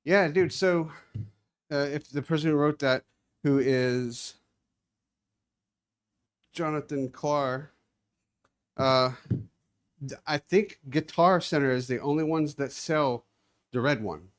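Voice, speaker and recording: A man's voice: fairly high pitch, slow pace, long pauses. A man hosting a casual live stream, chatting and narrating what he is doing as he moves around a carpeted room. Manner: chatty, narrating his own hands-on tasks, moving around the room. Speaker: livestream host. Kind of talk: casual live-stream chat while working. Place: indoor room with carpeted floor.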